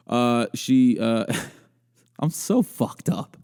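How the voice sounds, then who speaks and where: Slow and warm, this young man's medium-pitched voice has a sing-song lilt. He hosts a podcast where he jokes around, telling a crude story, riffing on a video, and cracking up frequently at his own expense.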